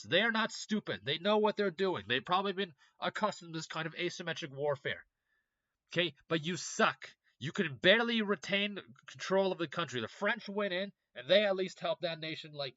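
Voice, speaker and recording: A young man rants into the mic. His voice has a bright, forceful edge, and he swears freely as he lurches between muttering asides and sarcastic outbursts. The recording is dry and a little dull, like a home setup. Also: a little high, no room sound. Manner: profane, heated, sarcastic rant. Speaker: political commentary channel host. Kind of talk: casual ranting commentary.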